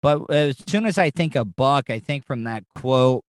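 A man hosting a podcast in a casual, rambling, excitable way, with frequent swearing. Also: mid-range voice, moderate pace, no echo, clean studio sound. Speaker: podcast host.

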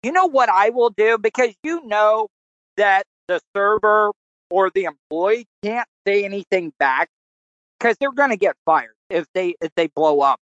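A man hosting a casual podcast, relaxed and chatty. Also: sits high, measured pace, no room sound, muffled recording. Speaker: podcast host. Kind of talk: casual chat.

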